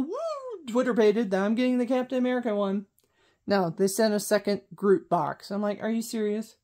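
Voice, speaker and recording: A woman's voice: medium pitch, darkish tone. A woman vlogger in casual chat, rambling and correcting herself as she goes. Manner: rambling, self-correcting, chatty.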